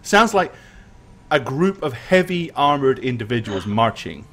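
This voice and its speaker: A man running a tabletop game as game master, narrating scenes in a relaxed way and laughing often. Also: mid-range voice, unhurried. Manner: relaxed, laughing often, thanks stream followers.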